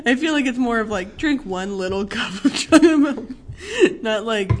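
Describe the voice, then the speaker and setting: A woman's voice: on the high side, animated, moderate pace, slight background noise. A young woman chatting casually about a movie, laughing a lot and rambling with many fillers. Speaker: co-host reviewing a movie. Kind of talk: casual chat.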